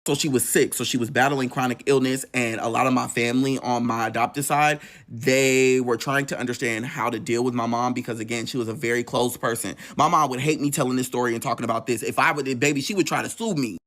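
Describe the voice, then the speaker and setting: A man telling a painful personal story in an emotional, profane, animated way. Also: mid-range voice, quick pace. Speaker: storytelling vlogger.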